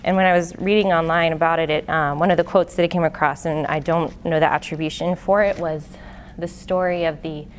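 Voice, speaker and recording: A woman in her late twenties, low-pitched and steady, speaks a little fast as a lay speaker giving a testimony teaching to a live church audience. Her talk is earnest and conversational, with many fillers and restarts, picked up on a handheld or stand mic with slight background noise.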